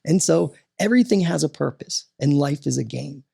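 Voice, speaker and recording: A man talking as a podcast guest and coach, animated and motivational, often tossing in "right?" as he talks. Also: a little high, normal speed, creaky, slightly rough.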